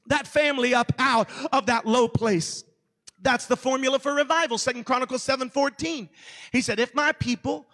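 A man with a Southern American accent preaching a revival sermon in a church, in a preachy cadence that builds to shouting. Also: very high voice, big-room sound. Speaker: pastor. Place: church hall.

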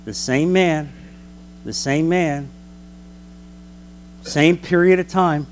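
A man teaching a Bible class in an animated preaching manner, full of rhetorical questions. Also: fairly high pitch, takes it slowly, long pauses.

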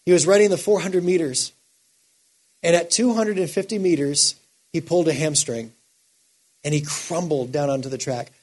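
Man, preacher, sermon, high voice, husky, rises to impassioned shouts and sinks to near-quiet. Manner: builds to impassioned shouting, then drops quiet.

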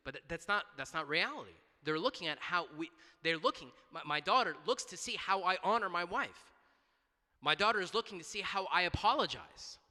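A man's voice: high voice, expressive, a little fast, sharp tone, long reverb tail. A man preaching a sermon in a church, talking conversationally with frequent restarts, repeated words and asides of "right?".

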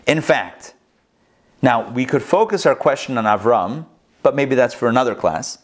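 A man teaching an online Torah class, lively and humorous, mixing Hebrew terms into his explanations. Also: a little high. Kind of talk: online Bible class with screen sharing.

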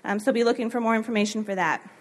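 A woman's voice: a little high, steady tone, rapid-fire. A woman introducing the chapel speaker, reading his background with fillers. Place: college chapel.

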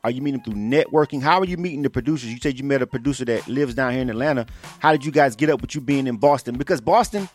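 A man's voice: mid-range voice, very fast. A man hosting a live radio interview, talking loosely with many fillers and repeats. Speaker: radio show host. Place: based in Atlanta.

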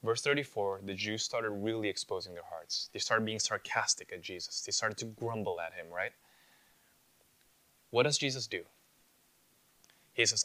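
Man, pastor, preaching; bright forceful voice, dry close sound; earnest, emphatic, mimics excuses casually. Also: fairly low pitch, moderate pace, long pauses, dry recording. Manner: earnest, building to emphatic rebukes. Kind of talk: sermon.

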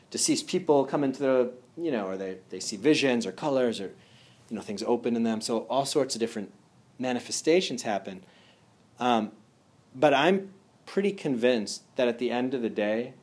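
Brief: male energy healer, mid-pitched, earnest casual talk, leans on rhetorical questions and "you know". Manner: earnest, asks rhetorical questions, many fillers.

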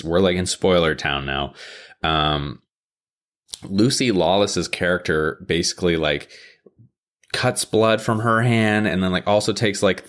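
A man hosting a podcast, hyped up and ranting profanely in a casual show recap, often jumping into high-pitched mocking quotes. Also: a bit bright. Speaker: podcast host.

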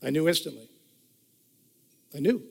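An older man gives a church testimony, telling his story conversationally and repeating phrases for emphasis. His fairly high voice is animated, creaky, and husky at a normal speed, and a long hall reverb surrounds it.

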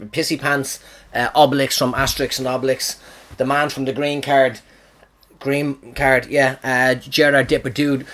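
A comedian rambling through a casual chat. He is profane and keeps wandering off into tangents. His voice sits at an ordinary middle pitch. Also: a bit bright. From Ireland.

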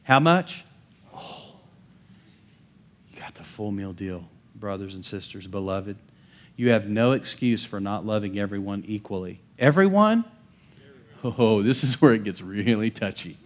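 A man preaching a sermon as pastor, emphatic and swinging between bold calls and hushed asides, often calling to the congregation for amens. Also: on the low side, lively intonation, a little slow, pauses often.

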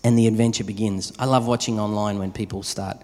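A man's voice: lowish voice, fairly even intonation, quick pace, warm tone. A man preaching a sermon in a conversational way, telling everyday stories to his congregation. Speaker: pastor. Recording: long reverb of a large hall.

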